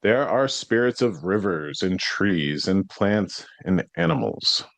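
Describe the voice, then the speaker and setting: A man hosting a podcast, telling a story in a casual, conversational way that grows animated as he retells what happened. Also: sits low, takes it slowly, no room sound. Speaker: psychic medium podcast host.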